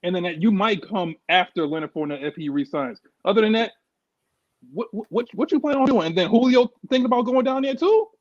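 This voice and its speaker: A man's voice: high voice, animated, fairly quick, dry recording, lo-fi sound. A man from New York, co-hosting a sports show, talking in a heated, emphatic way and often repeating himself. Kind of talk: heated casual sports talk.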